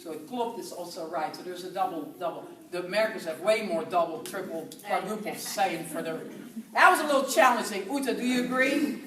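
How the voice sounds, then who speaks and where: A woman in her fifties from the southern Netherlands with a Dutch accent, giving a chatty, lively talk to a group and laughing often. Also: mid-range voice, fairly quick. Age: 50s. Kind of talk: casual talk to an audience. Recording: echoey room, from far off.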